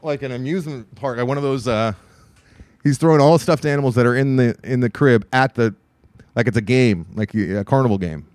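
A man in his thirties, co-hosting a podcast, telling an animated story in casual chat and acting out both sides of a conversation. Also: mid-range voice, fairly quick, no echo. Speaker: podcast co-host.

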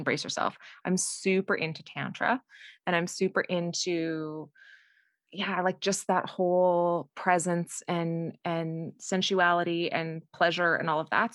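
A woman's voice: fairly low pitch, fairly bright tone, no echo, clean studio sound. A Canadian woman being interviewed as a guest author, chatty and self-deprecating, laughing easily. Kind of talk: casual interview chat.

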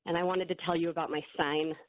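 A woman's voice: on the low side, little pitch movement, quick pace, dry recording. A woman calling a sports radio show from California, eager to share her idea. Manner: eager, enthusiastic fan. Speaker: caller. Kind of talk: phone-in call to sports radio. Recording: dull lo-fi phone line.

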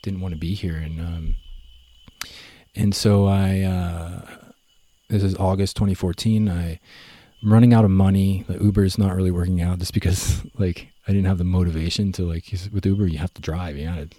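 A young man telling his story in a relaxed, rambling way, full of fillers and self-corrections. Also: low-pitched, moderate pace, no echo. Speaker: guest. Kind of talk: casual conversational storytelling.

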